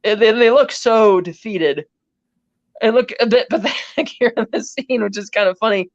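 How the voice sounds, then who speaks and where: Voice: mid-range voice, moderate pace, dry recording, highs cut off. Chatty host rambling through a movie recap. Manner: rambling, chatty retelling with many "he's like" quotes. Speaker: podcast co-host.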